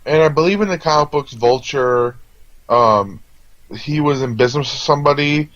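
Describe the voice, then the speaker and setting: A man's voice: on the high side, normal speed, a bit bright. A man co-hosting a casual movie review chat, rambling along with lots of fillers and restarts. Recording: dull, lo-fi sound.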